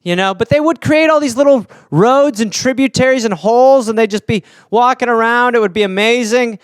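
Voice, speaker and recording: A man's voice: fairly quick, clean tone, no room sound, clean studio sound. A man from Wisconsin hosting a podcast alone, riffing jokily on listener topics and slipping into silly character voices. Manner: rambling, jokey, slips into silly high-pitched character voices. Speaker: podcast host.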